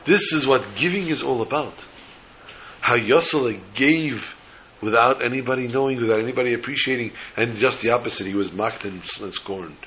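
A man's voice: mid-range voice, moderate pace, a little hiss or hum, poor audio. A man telling a religious story as a sermon, acting out the characters' voices with feeling. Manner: animated storyteller voicing characters.

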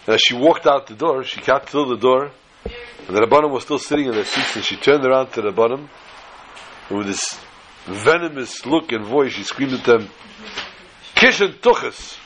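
A man's voice: medium pitch, expressive, normal speed, a bit bright, low-quality recording. A man with a mid-range voice tells a folk story in an easygoing, conversational way. He wanders into side remarks and peppers his telling with Yiddish expressions. A faint hiss sits under the recording. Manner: chatty and digressive, with asides. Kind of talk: folksy storytelling with Yiddish phrases.

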